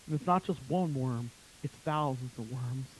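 A man preaching a fire-and-brimstone sermon, swinging between loud shouting and low, intense tones. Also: normal speed, a little hiss or hum, low-quality recording.

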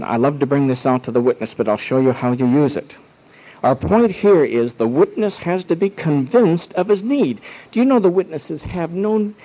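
A man's voice: a little high, warm tone, highs cut off. A man teaching how to witness, emphatic and full of rhetorical questions, acting out the other side's objections. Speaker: Bible teacher.

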